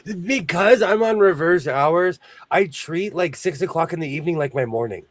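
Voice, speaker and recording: A man's voice: a little high, lively intonation, normal speed, dry recording. A man hosting a live sewing stream over a video call, chatty and self-mocking, greeting viewers by name. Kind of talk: casual chat.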